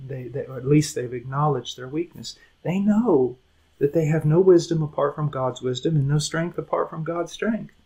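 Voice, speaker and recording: A middle-aged male preacher with a slightly husky, fairly high voice. He teaches with earnest, pleading urgency, pressing hard on key words, then sinking to a quiet, intense near-hush. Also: moderate pace, low-quality recording. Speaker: preacher teaching a Bible lesson. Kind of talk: sermon.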